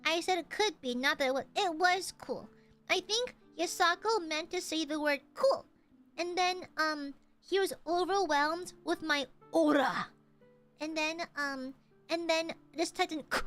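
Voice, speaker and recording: A young woman with a very high, bright, sharp voice chats playfully with her stream audience. She giggles often and reads the chat aloud in a casual, teasing way. Music plays faintly behind her. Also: measured pace.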